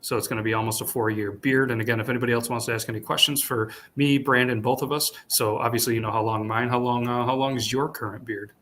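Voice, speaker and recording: A man from upstate New York hosting a casual chat, relaxed and rambling with lots of fillers. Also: mid-range voice, fast, few pauses, a little hiss or hum. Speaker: podcast host. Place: hotel room.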